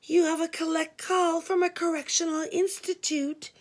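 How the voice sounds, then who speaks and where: A woman doing a flat, businesslike phone operator. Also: very high-pitched, normal speed, pitched above the performer's own voice. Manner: flat, routine.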